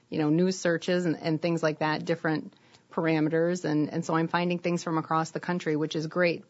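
A woman taking part in a casual talk show. She is chatty and quick to laugh. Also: lowish voice, darkish tone. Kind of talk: casual talk radio chat. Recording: dull lo-fi recording.

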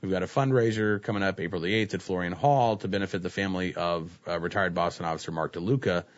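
Low-voiced male talk host, lo-fi. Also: quick pace. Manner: relaxed, filler-heavy, says "uh, you know" often. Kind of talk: casual talk radio chat, reading news stories. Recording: dull lo-fi recording.

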